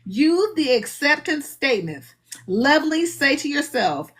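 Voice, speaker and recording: High, bright-voiced woman leading a book talk. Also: measured pace. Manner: animated, preachy, acts out little dialogues. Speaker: book discussion host. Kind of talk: live book discussion. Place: live online stream.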